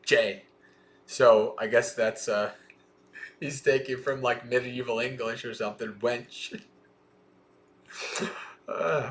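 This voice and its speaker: Slow, thoughtful man reading a sutta. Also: mid-range voice, fairly even intonation. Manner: thoughtful, explanatory, with fillers. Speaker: Dhamma teacher. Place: livestream.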